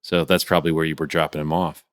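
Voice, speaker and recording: A man hosts a conversational interview, easygoing and chatty. His voice sits very low. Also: level tone, quick pace, smooth. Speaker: podcast host. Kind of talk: casual interview.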